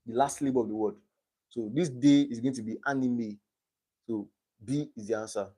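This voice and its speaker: A man's voice: mid-range voice, steady tone, normal speed, mellow. Young man tutoring on a live stream. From Nigeria. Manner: reads quiz options aloud and checks understanding.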